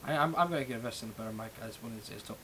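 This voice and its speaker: A man's voice: medium pitch, very fast, a bit bright, slight background noise, low-quality recording. A man ranting casually on a live stream through a webcam mic. He swears often, rambles, and has a speech impediment with sh and ch sounds. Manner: profane, rambling, self-deprecating. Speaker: Minecraft server staff streamer. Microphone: webcam microphone.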